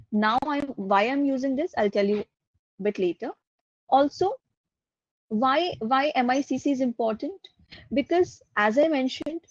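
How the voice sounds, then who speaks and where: A woman with an Indian English accent, working as a guest lecturer, teaches an online course, explaining step by step and repeating her key points. Her voice is fairly high and a little mellow, and the recording is dry, dull, and lo-fi.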